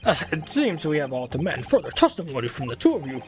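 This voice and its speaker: A woman voicing a stern, formal male judge, with measured courtroom speech. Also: deep voice, big pitch swings, music in the background.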